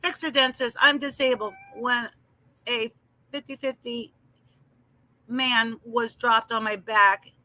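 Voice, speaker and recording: Bright high-voiced woman livestreaming. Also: steady tone, slow pace, long pauses. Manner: emphatic, responds to chat by name. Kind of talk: casual livestream chat.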